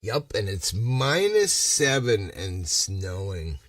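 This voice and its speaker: A man's voice: fairly low pitch, big pitch swings, takes it slowly, a bit bright, dry recording, studio quality, recorded from a distance. A man from Massachusetts chatting on a casual livestream, rambling and ranting with a lot of swearing. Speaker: livestream host.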